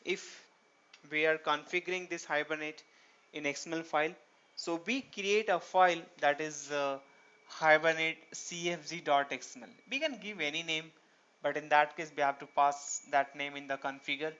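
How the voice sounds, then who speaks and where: A man's voice: a little high, steady tone, normal speed, bright, forceful tone, smooth. A man teaching a programming tutorial, explaining step by step and asking himself rhetorical questions. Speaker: programming instructor. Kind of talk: screen-recorded tutorial lecture. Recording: dull lo-fi recording.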